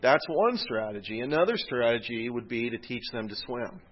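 A man delivers a sermon in a relaxed, conversational way, often asking his listeners rhetorical questions. His voice sits in a middle pitch and lifts with emphasis when he quotes scripture. The recording sounds a little dull and lo-fi. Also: moderate pace. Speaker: preacher. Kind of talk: sermon teaching.

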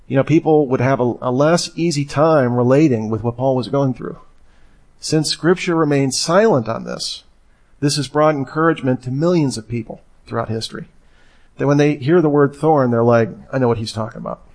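Guy preaching, talks to the crowd like a chat, mid pitch, acts out quotes. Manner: conversational teaching, acts out quoted lines. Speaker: pastor. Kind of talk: sermon.

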